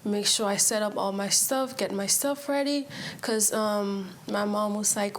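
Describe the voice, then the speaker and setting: A woman's voice: medium pitch, measured pace, slight background noise. A teenage girl telling her own story as a guest, chatty and full of likes and ums. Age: teens. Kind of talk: casual personal story.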